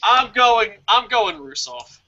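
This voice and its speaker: Podcast co-host, man, high and lively, very bright sharp tone, lo-fi sound. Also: slow. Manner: animated storyteller, acts out quotes, profane. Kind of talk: casual wrestling podcast chat.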